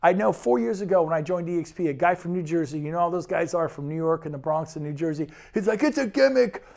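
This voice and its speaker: A man's voice: on the high side, fairly even intonation, fast talker, a little mellow. A man giving an enthusiastic sales presentation about real estate, talking conversationally and acting out quotes.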